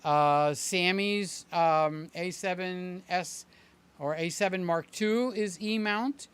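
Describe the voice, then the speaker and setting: A man's voice: high voice, takes it slowly, a bit bright, smooth. An older man hosts a live stream, chatting loosely and cracking jokes as he goes. His talk wanders, full of fillers and little asides. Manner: rambling and jokey, with many fillers and asides. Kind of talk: casual live-stream chat.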